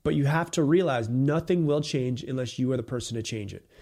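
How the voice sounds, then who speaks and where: A man's voice: medium pitch, brisk, a little mellow. A man hosting his own motivational podcast alone, talking bluntly and emphatically, repeating his points and swearing casually. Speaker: podcast host. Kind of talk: solo motivational podcast talk.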